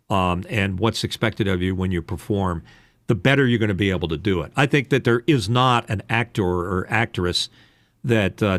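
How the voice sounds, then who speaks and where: Podcast host guy, kinda low voice, rambles with lots of ums, dry close sound. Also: dry recording. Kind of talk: casual advice chat.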